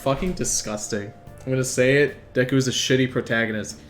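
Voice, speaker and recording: A man's voice: mid-range voice, steady tone, brisk, faint music behind. Crude, joking man doing game commentary. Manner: crude, joking, swears a lot. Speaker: let's player. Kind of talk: gaming commentary.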